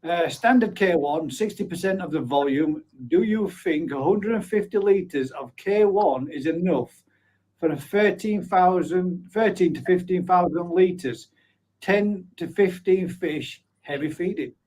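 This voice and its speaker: A man's voice: high-pitched, measured pace, a little mellow, low-quality recording. A man in his forties hosting a live stream, chatting casually and reading out viewer comments, blunt, with offhand swearing and frequent laughs. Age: 40s.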